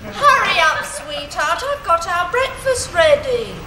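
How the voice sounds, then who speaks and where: A cooing sing-song sweetheart. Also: female voice, extremely high pitch, very animated, slow pace, full character voice. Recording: echoey and hissy old sitcom sound.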